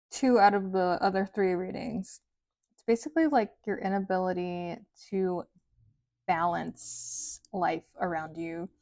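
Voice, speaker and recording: In a dry, clean studio recording, a woman with a medium-pitched voice gives a casual tarot reading. She's chatty and rambling, says "like" often, and lets her sentences end in a sing-song lilt.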